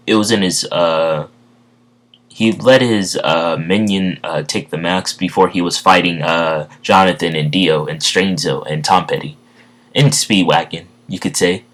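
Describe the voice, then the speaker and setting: A man casually retelling a story off the cuff, rambling and halting, with many fillers and self-corrections. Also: sits low, a bit bright. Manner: stumbles over words. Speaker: fan storyteller.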